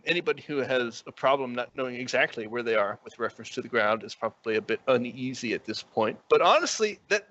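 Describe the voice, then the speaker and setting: A man narrating as dungeon master for a tabletop game, telling it in an animated way with frequent chuckles. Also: medium pitch, highs cut off.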